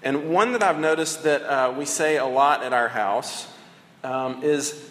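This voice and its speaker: A man's voice: mid-range voice, measured pace, fairly bright tone, slight background noise. A man in his thirties preaching a sermon in a conversational way, with fillers and restarts. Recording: echoey hall with long reverb.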